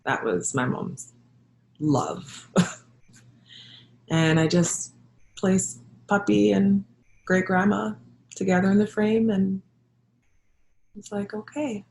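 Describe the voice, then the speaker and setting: A middle-aged woman, a health practitioner and yoga teacher, sharing a personal story in a reflective, halting way with soft laughs. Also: medium pitch, expressive, gravelly, slight background noise. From Jamaica. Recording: echoey room.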